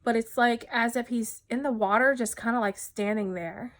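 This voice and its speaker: A woman from New Jersey giving a personal testimony, speaking haltingly and often dropping quiet. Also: a little high. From New Jersey, USA. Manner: halting, many fillers and restarts, often drops soft.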